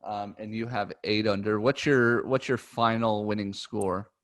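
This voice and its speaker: A man co-hosting a golf podcast, talking in a relaxed, chatty way with frequent ums. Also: lowish voice, unhurried. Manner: relaxed, chatty, says um often. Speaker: podcast co-host. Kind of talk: casual chat.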